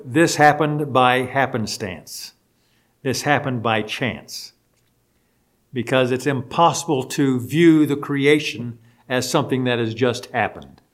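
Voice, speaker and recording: A man giving a Bible study lecture at an unhurried, measured pace, in a voice of ordinary middle pitch. He spells out Greek words letter by letter and leans on key phrases, then lets the ends of his sentences fall away softly. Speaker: Bible teacher.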